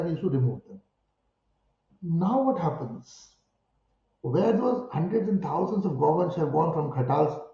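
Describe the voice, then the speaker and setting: A man with an Indian English accent answering an interview in an impassioned way, driving his points home with rhetorical questions and forceful peaks. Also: a little high, roomy sound, highs cut off. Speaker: spiritual guru interviewed about cow protection.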